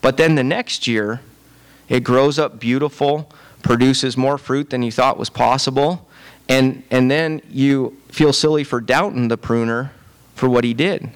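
A man's voice: medium pitch, moderate pace, clean tone. A man preaching a sermon in a conversational, repetitive way, often checking in with "right?". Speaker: pastor.

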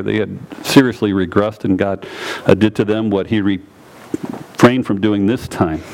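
A male pastor preaching a sermon, emphatic, dropping low and slow and then rising high and loud. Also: a little hiss or hum, low-quality recording.

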